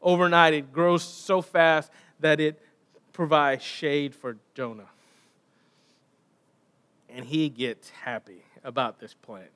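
A man's voice: on the high side, fairly even intonation, slow, pauses often, a bit bright. A man preaching a sermon, retelling a Bible story and posing rhetorical questions to his listeners.

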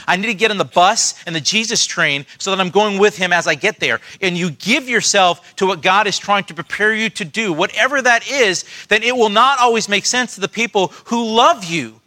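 A male pastor with a high, bright and forceful voice preaches a sermon in church. He talks in an earnest, animated way, and his sentences often stumble and start over as he tells stories. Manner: earnest, animated storytelling with frequent restarts.

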